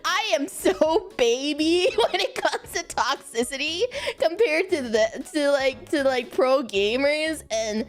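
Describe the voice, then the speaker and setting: A young woman streaming casual chat, giggling often and breaking into high laughter. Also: animated, slow pace. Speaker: VTuber streamer.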